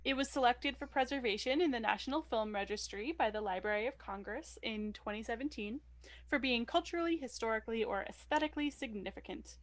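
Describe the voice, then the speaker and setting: A woman's voice: on the high side, brisk. A young woman co-hosting a film podcast, making wry remarks and reading out trivia with plenty of ums. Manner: wry, reads trivia aloud with fillers. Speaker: podcast co-host.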